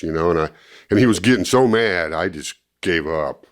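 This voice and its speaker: An older man, interviewed, recounting a personal story and acting out what others said in lively bursts. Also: low-pitched, brisk. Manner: animated storytelling, acting out quoted speech. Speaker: interviewee, former ministry student.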